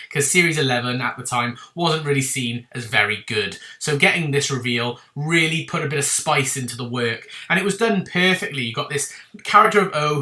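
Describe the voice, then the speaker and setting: A man's voice: on the high side, bright, forceful tone. A man hosting a countdown video, talking in an enthusiastic, chatty way with lots of "you know" and repeated phrases. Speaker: video host counting down favourite TV cliffhangers. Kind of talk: enthusiastic casual commentary.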